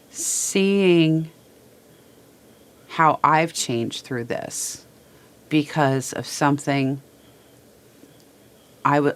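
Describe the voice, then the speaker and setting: A woman host speaking to viewers from a small studio in a halting, emotional way, repeating words as she holds back tears. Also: deep voice. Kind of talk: heartfelt personal talk to viewers.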